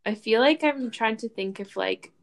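A woman's voice: fairly high pitch, normal speed, gravelly. Chatty woman full of "like" fillers. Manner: chatty, lots of "like" fillers, quotes people. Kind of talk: casual chat.

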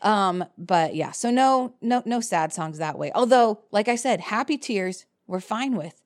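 A woman in her thirties chats as a guest, telling lively stories from the stage world. Her voice sits at a middle pitch, and she laughs often. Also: measured pace. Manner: animated storyteller, laughs often. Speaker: cabaret performer and director. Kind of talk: casual chat.

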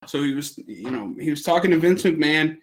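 A man's voice: a little high, animated, a little fast. A young man telling a long story on a casual podcast, rambling, swearing a lot and laughing as he goes. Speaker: podcast co-host.

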